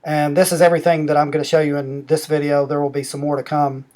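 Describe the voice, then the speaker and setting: Slow methodical man demoing an app. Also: on the high side, flat delivery, a little mellow. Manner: slow, methodical, repeats rules step by step. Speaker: app demonstrator. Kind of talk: screen-recorded app tutorial.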